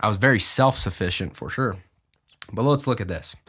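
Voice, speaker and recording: A young man hosting a podcast, casually explaining his music and deliberately moving his pitch up and down as he talks. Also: a bit bright, slightly rough. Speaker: podcast host and music producer.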